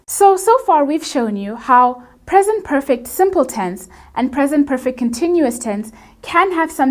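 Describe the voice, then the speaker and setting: A woman with a high voice teaches English grammar as an online course host. She explains in a clear, measured, teacherly way, reading from a script.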